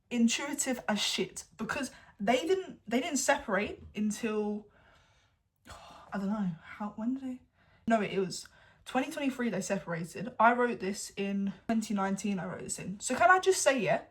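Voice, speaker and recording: A young woman in her late teens with an English accent, chatting candidly to camera at home, at times dropping to a hushed whisper. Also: on the high side, animated, moderate pace. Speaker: vlogger. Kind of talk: casual chat to camera.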